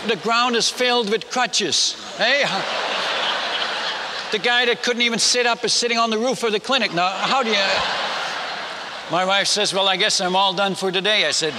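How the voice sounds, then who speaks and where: A man's voice: high voice, slight background noise. An older man, a missionary preacher, telling a story in a sermon and acting out the people he quotes. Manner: animated, acts out quoted villagers. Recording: reverberant hall.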